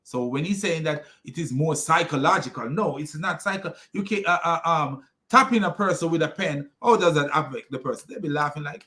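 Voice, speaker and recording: A man's voice: on the high side, expressive, fairly quick, hardly any pauses, pushed and bright. A man giving critical commentary on a played clip, argumentative, with many fillers and restarts. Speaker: religious commentator.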